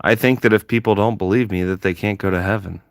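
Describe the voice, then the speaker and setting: A man's voice: on the low side, steady tone, quick pace, dry recording, clean studio sound. A man livestreaming, ranting heatedly at his chat with constant swearing and emphatic repetition.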